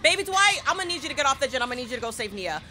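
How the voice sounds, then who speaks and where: Lively high-voiced woman streamer. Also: racing. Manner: animated, talks to teammates, repeats phrases in bursts. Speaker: streamer playing a horror game. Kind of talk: casual gameplay commentary. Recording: game music behind voice.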